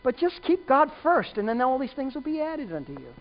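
Emphatic high-voiced preacher, lo-fi sermon. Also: very animated, brisk, a little hiss or hum. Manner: emphatic, repeats key phrases, quizzes the listeners.

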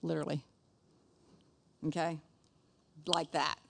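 A woman's voice: sits low, little pitch movement, slow pace, gravelly, a little hiss or hum. A middle-aged woman teaching a conversational Bible lesson in a chatty way, often checking in with her listeners.

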